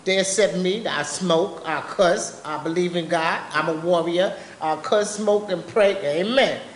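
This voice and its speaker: A woman's voice: fairly low pitch, unhurried. A woman giving personal testimony as a speaker at a public forum, talking in a blunt, impassioned, colloquial way. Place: meeting room at a live public event. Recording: roomy live-event recording with faint background noise.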